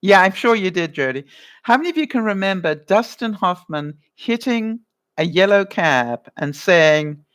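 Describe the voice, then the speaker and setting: A woman's voice: medium pitch, lively intonation, moderate pace, fairly bright tone. Chatty giggly woman vlogger. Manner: chatty, giggles often, reads out viewer comments. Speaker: vlogger running a movie quiz. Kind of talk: casual live-stream chat.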